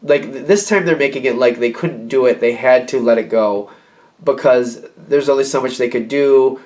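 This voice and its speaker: A man giving a casual tarot reading, animated and repeating phrases as he acts out quoted reactions. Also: medium pitch, moderate pace. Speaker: tarot reader.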